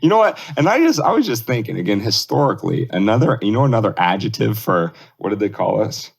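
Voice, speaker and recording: A man with a fairly low voice co-hosts a loose political podcast. He rambles through his points, breaks into laughter often and swears casually along the way. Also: big pitch swings, quick pace, creaky, slightly rough. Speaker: podcast co-host.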